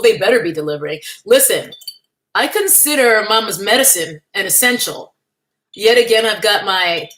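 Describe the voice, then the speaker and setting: A woman's voice: mid-range voice, a bit bright. Chatty, wry woman hosting a livestream. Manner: chatty and wry, laughs often, greets chat by name. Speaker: livestream host. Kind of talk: casual livestream chat. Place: at home in California.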